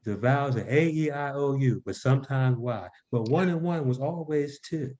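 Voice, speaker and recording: A man from Baltimore talks as a guest on a podcast, measured and deliberate. His voice is mellow and dark, and the recording sounds dull and lo-fi. His pitch sits in the middle. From Baltimore, Maryland. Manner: measured, spells out web addresses slowly. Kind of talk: podcast interview. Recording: dull lo-fi audio.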